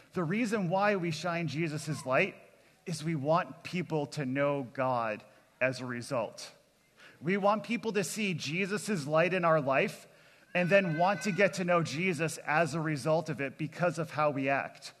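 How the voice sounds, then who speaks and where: A man's voice: a little high, unhurried, a bit bright. Earnest man preaching in a reverberant hall. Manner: earnest, plainspoken, calls out to the crowd. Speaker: kids camp pastor. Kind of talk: sermon to children and adults.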